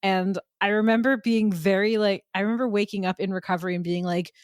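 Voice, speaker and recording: A woman's voice: medium pitch, steady tone, fairly quick, dry recording, clean studio sound. A woman, a returning guest on a podcast, chatting casually and bluntly, joking at her own expense and laughing often. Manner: jokey, laughs often, blunt and self-mocking.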